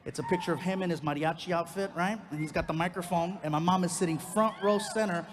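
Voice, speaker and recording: A male stand-up comedian telling a story on stage, animated and acting out the voices. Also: sits high, fast talker, long reverb tail, background noise. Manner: animated, acts out every voice.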